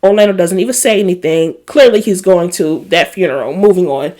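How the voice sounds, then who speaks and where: A woman's voice: on the low side, fairly quick. A woman hosting a casual TV episode recap, chatty and emotional, with a Black lilt. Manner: chatty and animated, emotional asides. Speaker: recap host.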